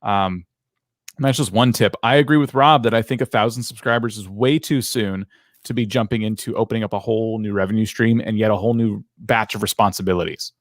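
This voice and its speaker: A man's voice: on the low side, a little fast, dry recording, studio quality. A man co-hosting a live Q&A chat, giving practical advice in an easygoing way. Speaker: co-host.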